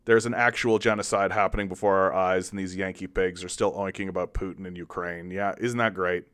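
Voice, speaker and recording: A man's voice: little pitch movement, fairly quick, fairly bright tone. A man hosting a political commentary show, ranting angrily and sarcastically, swearing and restarting his sentences often. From Canada. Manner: angry, profane, with many restarts and repetitions; sarcastic, mocks opponents in exaggerated high voices. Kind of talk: heated political commentary monologue.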